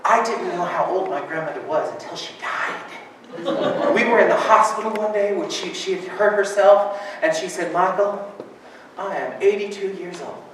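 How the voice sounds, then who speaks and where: A man's voice: high-pitched, moderate pace. A man preaching a sermon, telling funny family stories and laughing often. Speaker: pastor. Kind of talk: sermon with humorous storytelling. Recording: echoey hall from far off, noisy.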